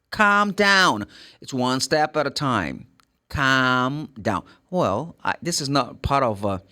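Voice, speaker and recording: A Brazilian man whose first language is Portuguese teaches English vowel sounds in a relaxed, joking way. His voice sits a little high and swings up and down freely. He repeats his points and laughs at himself. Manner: chatty, jokey, repeats phrases, laughs at himself. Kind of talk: casual online pronunciation lesson.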